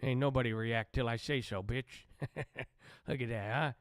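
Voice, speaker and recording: A man's voice: mid-range voice, fairly even intonation, normal speed, no echo, studio quality, close to an everyday voice. A man doing a comic impression of a boastful older male president, rambling and swearing as he repeats himself. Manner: rambling, repetitive, profane boasting. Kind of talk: comic impression on a live stream.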